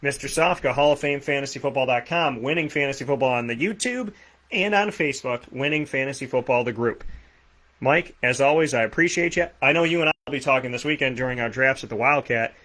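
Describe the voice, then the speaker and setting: A man with a Boston accent hosting a sports talk show, rattling off plugs and shout-outs with energy. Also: medium pitch, brisk. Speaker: host. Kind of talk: energetic radio show sign-off.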